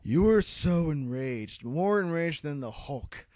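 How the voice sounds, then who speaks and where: A young man co-hosting a podcast in casual chat, relaxed and agreeable, swearing now and then. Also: a little high, slow, no room sound, studio quality. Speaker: podcast co-host.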